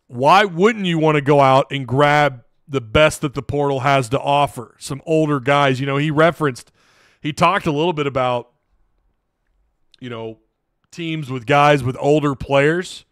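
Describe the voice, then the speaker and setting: A man's voice: a little high, fairly bright tone, no echo, studio quality. A man hosting a live sports talk show, rambling casually and reading out viewer chat. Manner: rambling, chatty, lots of restarts. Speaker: host.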